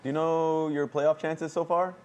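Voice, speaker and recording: A man's voice: a little high, level tone, normal speed, darkish tone, a little hiss or hum. A man hosting an esports analyst desk, asking a player questions in an upbeat, playful way. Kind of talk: post-match desk interview.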